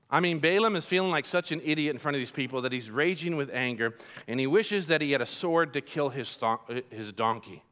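Guy preaching a sermon, high bright voice that swoops all over. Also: quick pace. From Colombia. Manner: animated storytelling, acts out voices.

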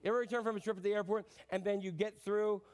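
A man's voice: high voice, steady tone, quick pace, darkish tone. A middle-aged male pastor preaching a sermon in a conversational way, repeating phrases and asking the congregation questions.

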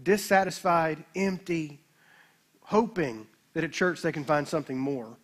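Guy preaching a sermon, pretty high voice, leans hard on the verses. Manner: emphatic preaching with slow dramatic scripture readings. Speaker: pastor.

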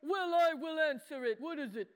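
An adult speaks as a simple boy puppet during a children's sermon, using a high but natural-sounding voice at a moderate pace. The puppet is earnest and childish, uses broken grammar and names himself, and the church hall adds a long reverb.

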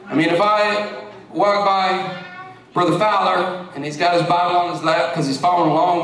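A man preaches with an animated, joking delivery. His voice sits very high for a man. The recording is distant and soaked in the echo of a large church. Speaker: pastor. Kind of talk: sermon. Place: church sanctuary. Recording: echoey church recorded from afar.

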